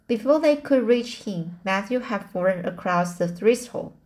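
A woman reading a classic novel aloud chapter by chapter, often pausing on fillers and restarting words. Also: medium pitch, animated, a little mellow. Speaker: audiobook reader.

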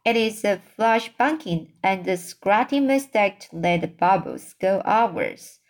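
A woman voicing an enormous friendly male giant who talks in booming, muddled grammar. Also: very animated, measured pace. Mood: excited.

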